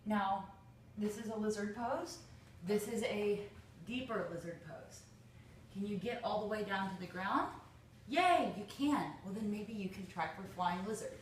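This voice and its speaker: A woman's voice: mid-range voice, moderate pace, slight background noise. A woman teaching a yoga pose, encouraging and talking the viewer through it step by step. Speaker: yoga instructor. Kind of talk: spoken yoga tutorial. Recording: roomy echo, voice from a distance from the mic.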